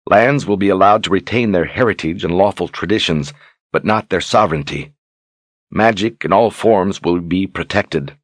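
A man voicing a young queen who reads a grave letter aloud, solemn and measured, in a storybook reading. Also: low-pitched, dry recording.

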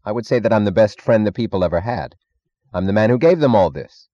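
A man's voice: on the low side, lively intonation, fast talker, dull audio, lightly acted. A man doing an arrogant old scientist. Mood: imperious. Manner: imperious, clipped commands. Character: arrogant elderly male scientist, contemptuous.

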